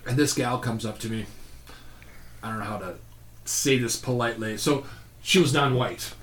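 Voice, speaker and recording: Bright-voiced man telling rambling stories. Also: mid-range voice, moderate pace. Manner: rambling, profane, laughs through his stories. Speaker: podcast guest, younger brother. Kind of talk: casual storytelling chat. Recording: roomy echo, faint hiss.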